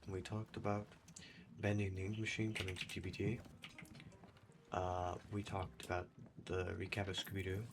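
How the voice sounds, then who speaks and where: With a low voice, level tone and moderate pace, this gaming YouTuber casually narrates his gameplay, wandering off topic and running himself down. Clear keyboard typing can be heard behind him.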